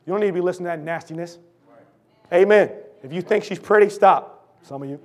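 A fervent middle-aged man preaching a sermon, his voice riding high. His throat is sore, and he swings from shouted declarations to low, intense asides aimed at the congregation. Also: quick pace.

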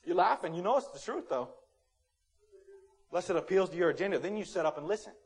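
High-voiced animated man preaching a sermon. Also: fast. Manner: animated, playful, acts out quotes, rises to loud emphasis. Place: church sanctuary.

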